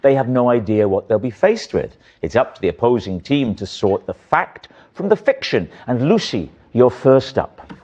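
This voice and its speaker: A man's voice: mid-range voice, very animated, moderate pace, breathy edge, lo-fi sound. A man hosting a studio panel show, with a dry, wry delivery and puns. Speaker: game show host. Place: TV studio with live audience. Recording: loud audience and studio noise.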